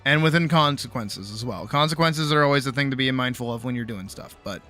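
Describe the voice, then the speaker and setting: Male streamer, late-night casual chat, worn out with a sore jaw, bright forceful tone, loose and sweary, soft music under the desk mic. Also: mid-range voice, a little fast. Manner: rambling, swears freely, self-mocking. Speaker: streamer and animator. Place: home streaming setup.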